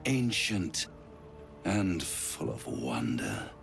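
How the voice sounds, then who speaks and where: An actor voicing an ancient scheming male devil in a video game, with a deep, theatrical, relishing drawl. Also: very animated, drawn-out words, creaky, full character voice. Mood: grandiose. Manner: grand, relishing, mocking delivery. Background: game music.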